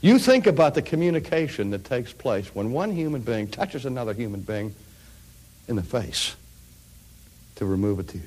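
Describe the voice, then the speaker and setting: A middle-aged man preaching a sermon, telling stories and swinging from hushed, quiet phrases to loud, rising climaxes. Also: mid-range voice, animated, moderate pace.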